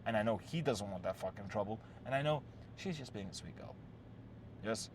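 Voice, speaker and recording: A man's voice: fairly low pitch, animated, fairly quick, background noise. A man hosting a relationship-advice talk, telling a story in a blunt, profane, casual way and often checking in with "yes?" and "right?".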